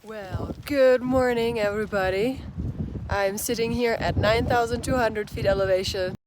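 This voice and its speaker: A woman's voice: a little high, fairly even intonation, normal speed, background noise. A woman hiking alone and filming a casual vlog outdoors on a mountain trail, chatty and reflective as she muses aloud to the camera. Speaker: solo thru-hiker vlogger.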